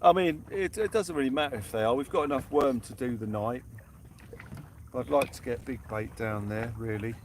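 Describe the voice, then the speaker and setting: Speaking at normal speed with a medium-pitched voice, a man chats casually on an outdoor night fishing stream. He greets viewers by name and sings pieces of songs between his remarks. Background noise from outdoors is audible throughout.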